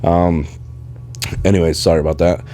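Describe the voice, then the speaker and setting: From his home, a man rambles through a casual podcast, often losing his train of thought. His low, mellow voice is flat and moderately paced, with Spanish-influenced English and rolled R's. A dishwasher and faint video game music sound in the background.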